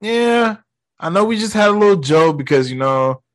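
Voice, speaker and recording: A man's voice: high-pitched, animated, moderate pace, pitched above the performer's own voice. A man voicing a laid-back male sorcerer who lectures in casual slang. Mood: lecturing.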